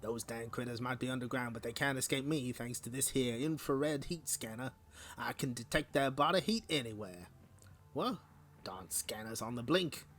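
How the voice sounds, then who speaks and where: A man voicing a gruff, menacing male bounty hunter creature with a folksy put-on drawl. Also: medium pitch, normal speed, fairly bright tone, close to an everyday voice. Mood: scheming.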